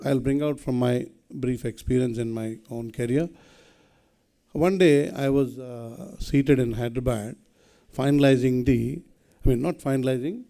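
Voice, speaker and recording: A man's voice: medium pitch, mellow. A middle-aged man with an Indian English accent gives an anecdotal speech in a university auditorium, as a senior police officer who tells stories with frequent hesitations.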